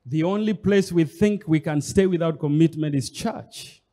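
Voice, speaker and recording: A man's voice: on the high side, moderate pace, warm tone. A man preaching a sermon as pastor, emphatic and repetitive, speaking straight to the congregation. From Kenya. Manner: emphatic, repeats phrases, addresses the congregation directly. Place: church hall. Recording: long hall reverb.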